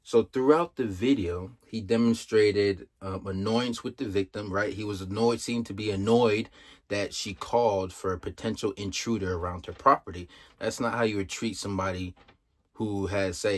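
A man's voice: fairly low pitch, fairly even intonation, normal speed. A young man giving casual, emphatic commentary, exasperated and full of rhetorical questions.

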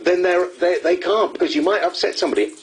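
A man's voice: sits high, fast talker, slight background noise. A man speaking on a radio show, laughing as he talks. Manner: laughing while talking. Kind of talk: radio chat. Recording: radio broadcast.

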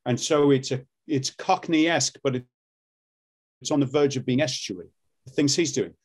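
A man's voice: medium pitch, normal speed, a little mellow, slightly rough. A middle-aged man, an accent coach, explaining and demonstrating accents in a casual interview.

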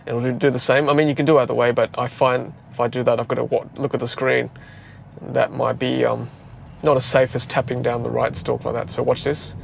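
Gravelly man chatting while driving. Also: mid-range voice, brisk. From Australia. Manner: chatty, relaxed, frequent fillers. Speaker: car vlogger. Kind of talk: casual talk while driving. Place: inside a moving car. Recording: road noise inside a car.

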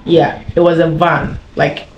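A woman's voice: deep voice, level tone, measured pace, muffled recording, slight background noise. Young woman from Ghana, chatty YouTuber storyteller, rambling, echoey room. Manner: chatty, laughing, rambling with many fillers. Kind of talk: casual story time. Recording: echoey room with faint ambience.

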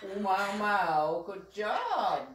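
A woman's voice: medium pitch, sing-song, slow pace, echoey room, far from the mic, background noise. A woman in baby-talk mode, coaxing and praising her pet bird in a sing-song way. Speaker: pet owner talking to her parrot.

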